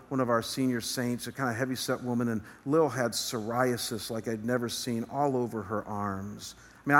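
A man's voice: mid-range voice, fairly bright tone. A male pastor preaching an earnest sermon from a church stage, building emphasis as he speaks. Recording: long reverb of a large hall.

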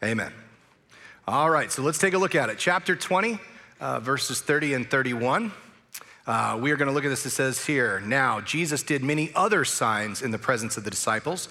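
A man preaching a sermon as pastor, telling a story in a relaxed, conversational way with frequent fillers. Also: mid-range voice, fairly quick. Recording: long church hall reverb.

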